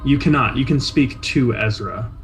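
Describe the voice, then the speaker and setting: A man narrating a tabletop game as game master, describing scenes in a measured, atmospheric way. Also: mid-range voice, poor audio. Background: faint soundtrack music.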